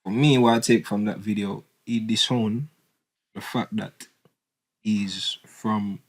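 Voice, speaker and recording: A man hosting a podcast who sums up arguments in a measured way. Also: on the low side, fairly even intonation. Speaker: podcast host. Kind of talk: casual podcast discussion.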